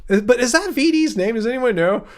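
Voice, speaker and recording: A man's voice: very high-pitched, lively intonation, moderate pace. A middle-aged man hosting a casual livestream, reading out viewer comments and answering them in a joking, teasing way. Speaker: livestream host.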